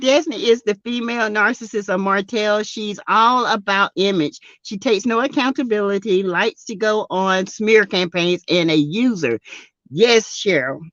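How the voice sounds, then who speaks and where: A woman's voice: dry recording, lo-fi sound. Laughing Southern woman live-streamer. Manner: laughs often, loud high laughs, greets chatters by name. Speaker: YouTube live-stream host. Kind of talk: casual live-stream chat reading comments.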